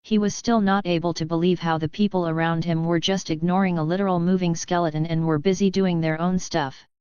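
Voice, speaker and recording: A woman's voice: fairly low pitch, brisk, clear, resonant tone, no echo. Mechanical female narrator for a webnovel audiobook; dry, dull lo-fi sound. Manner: even, mechanical reading, even asterisks read aloud.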